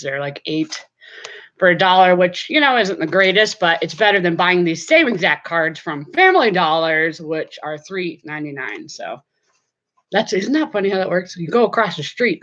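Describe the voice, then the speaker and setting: A woman's voice: lowish voice, fairly bright tone. Chatty woman on a lo-fi live stream. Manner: chatty, talks straight to viewers. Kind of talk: casual live-stream chat. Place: home desk.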